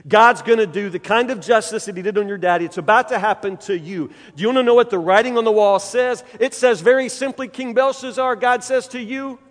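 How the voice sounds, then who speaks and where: A preacher voicing a stern righteous young prophet. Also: male voice, high-pitched, a little fast, hardly any pauses, pitched above the performer's own voice, close to an everyday voice. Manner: firm, preachy warning. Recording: long hall reverb.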